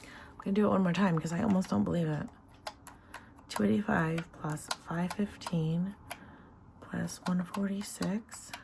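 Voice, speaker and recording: A woman in a casual home vlog, counting cash and talking about her savings with excited emotion. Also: fairly low pitch, unhurried, gravelly, pauses often, noisy background. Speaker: savings vlogger.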